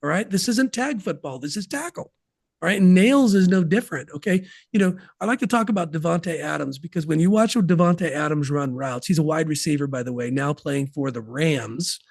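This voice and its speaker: A man's voice: fairly high pitch, brisk, gravelly, hardly any pauses, a little mellow, no echo, studio quality. A man guesting on a podcast interview, talking about business systems in an emphatic, folksy way with sports analogies.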